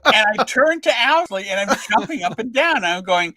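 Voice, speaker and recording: A man's voice: high voice, very animated, moderate pace, sharp tone, dry recording. An older man, a comics writer, telling a story as a guest and acting out the voices in the quotes. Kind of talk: animated anecdote telling.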